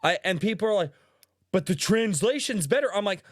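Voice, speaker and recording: A man hosting a casual podcast chat, loud and passionate, swearing often. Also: high-pitched, lively intonation, fairly quick, no room sound, studio quality. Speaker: podcast host.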